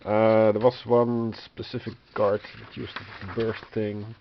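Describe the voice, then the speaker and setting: A man who is losing his voice thinks aloud over a rulebook, slow and hesitant, with a wry, exasperated edge. His voice sits on the low side. The recording is dull and lo-fi, with a faint hiss behind. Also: little pitch movement. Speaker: board game reviewer. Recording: dull lo-fi sound with faint noise.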